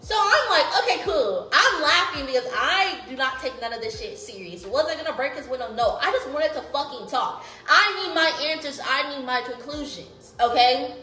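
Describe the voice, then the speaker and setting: A young woman telling a story in a lively, profane way, often breaking into laughter. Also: sits high, moderate pace, few pauses. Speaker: vlogger. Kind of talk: storytime vlog. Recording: roomy, off-mic, faint music behind.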